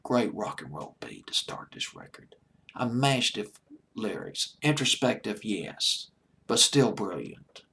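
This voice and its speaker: A man hosting a music show late at night, talking eagerly and rambling, sometimes dropping to a hushed near-whisper. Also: on the low side, huge pitch swings, a little slow, gravelly, slight background noise. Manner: enthusiastic, rambling, drops to a hushed near-whisper when gushing. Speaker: deejay host.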